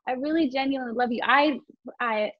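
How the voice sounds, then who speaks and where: Effusive woman host, slightly high pitch, dry close sound. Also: fairly quick, no echo, dull audio. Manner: gushing, effusive. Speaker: podcast host. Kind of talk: warm podcast conversation.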